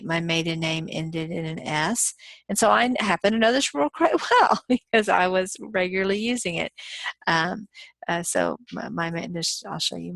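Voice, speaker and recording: A woman's voice: on the low side, gravelly, fairly bright tone, dry recording, low-quality recording. A woman instructor giving a recorded lecture, explaining things plainly with frequent ums and self-corrections.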